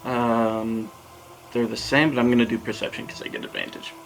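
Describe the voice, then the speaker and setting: A man's voice: medium pitch, fairly even intonation, fairly quick, gravelly, fairly bright tone, faint music behind, low-quality recording. A man playing a tabletop game, asking hesitant, methodical questions. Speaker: player. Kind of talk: casual tabletop game chat.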